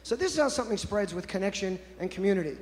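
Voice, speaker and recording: A man's voice: high voice, expressive, fast, crowd noise. A man in his fifties presenting at a conference, telling playful anecdotes and talking straight to the audience. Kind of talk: storytelling keynote talk. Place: conference stage. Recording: echoey conference hall.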